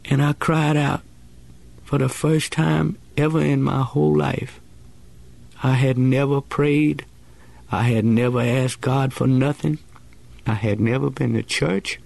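A man with a gravelly, creaky voice tells his own story of life in prison. He speaks in plain, colloquial grammar, earnest and openly emotional, at a middling pitch. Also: fairly even intonation, measured pace, darkish tone. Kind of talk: personal testimony storytelling.

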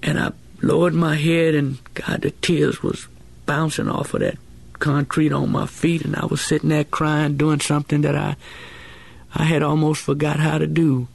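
A man's voice: a little high, flat delivery, normal speed, gravelly. A man telling his own life story as a former prisoner, in plain-spoken, colloquial speech that is earnest and emotional. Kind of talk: personal testimony storytelling.

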